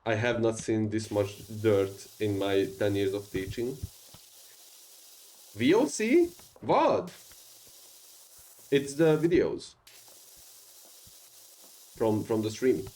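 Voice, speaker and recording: A man's voice: fairly low pitch, expressive, takes it slowly, pauses often, darkish tone, poor audio. A man with a strong non-native English accent, chatting casually and rambling with many fillers while streaming a game. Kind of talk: casual gaming stream chat.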